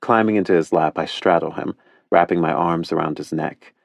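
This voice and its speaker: A man narrating a first-person romance audiobook in a hushed, intimate way, close to the mic. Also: deep voice, moderate pace, creaky, no echo.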